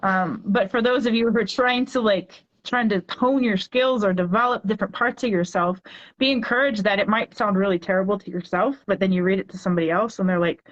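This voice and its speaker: A woman in her forties, a poet guest, talking in a chatty, animated way with lots of filler words. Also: medium pitch, fairly quick, lo-fi sound. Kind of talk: casual interview chat.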